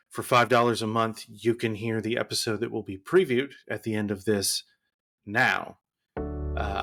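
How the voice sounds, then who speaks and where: Male podcast host, low voice, relaxed conversational delivery. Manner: conversational, thoughtful, occasional repeated words. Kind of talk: podcast interview.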